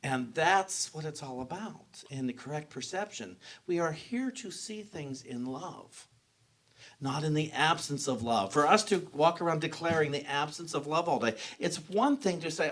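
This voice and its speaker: A man's voice: fairly high pitch, lively intonation, normal speed, fairly bright tone. A man giving a sermon as pastor, talking in a personal, conversational way and often restarting his sentences. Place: church sanctuary.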